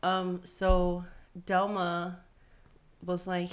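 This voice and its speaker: A low-pitched woman around thirty in a relaxed podcast chat. She swears freely and plays out both sides of her story. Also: moderate pace. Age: 30s. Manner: profane, storytelling, often quoting herself. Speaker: podcast co-host. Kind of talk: casual chat.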